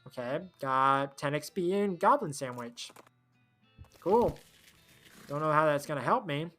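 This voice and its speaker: A streamer reading on-screen game text and chatting through play, the pitch rising and falling freely. Fillers and trailing thoughts pepper the talk, with faint music in the background. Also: expressive, a little slow, pushed and bright. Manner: rambling, thinks aloud, trails off. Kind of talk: reading game text aloud while playing.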